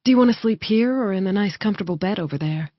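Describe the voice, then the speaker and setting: Audiobook casting: bossy, teasing she-wolf lieutenant, brisk and sure, as a woman narrator plays her, dry muffled sound. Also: medium pitch, expressive, no room sound, pitched above the performer's own voice, natural voice. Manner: commanding, teasing.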